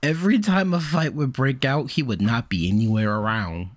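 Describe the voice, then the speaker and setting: A man's voice: medium pitch, normal speed. A man in casual conversation, telling stories and acting out other people's voices. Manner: animated, acts out quoted voices. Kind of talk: casual storytelling chat.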